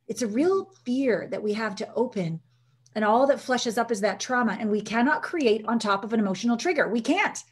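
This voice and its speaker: Animated higher-pitched woman coach. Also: brisk, husky. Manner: animated storyteller, acts out quotes. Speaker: intimacy coach, guest. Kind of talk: conversational interview, storytelling.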